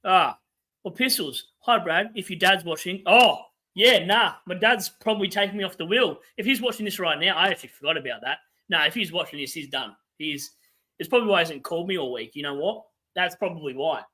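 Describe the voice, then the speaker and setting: Ranting, foul-mouthed Australian livestream host. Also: male voice, sits high, lively intonation, bright, forceful tone. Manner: ranting, profane, quick asides to chat. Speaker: fantasy football livestream host. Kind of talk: casual livestream chat. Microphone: webcam setup.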